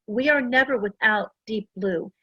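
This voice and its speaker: A woman's voice: a little high, unhurried, husky, muffled recording. A middle-aged woman giving a casual, earnest talk to a class, full of personal stories. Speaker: essential oils presenter.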